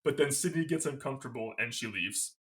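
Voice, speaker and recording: In a slightly fast, medium-pitched voice with lively intonation, a podcast co-host gushes over a movie while recapping it scene by scene. The casual review is loose and rambling, full of fillers, and the audio is a bit bright.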